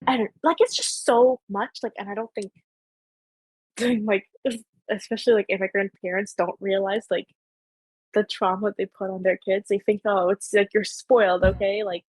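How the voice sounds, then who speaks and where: Young Canadian woman host, slightly husky, loose and rambling, lots of "like", dry close sound. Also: medium pitch, fairly even intonation, normal speed, dry recording. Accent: Canadian, Ontario. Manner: rambling, heavy on filler "like". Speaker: podcast host. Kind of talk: casual chat.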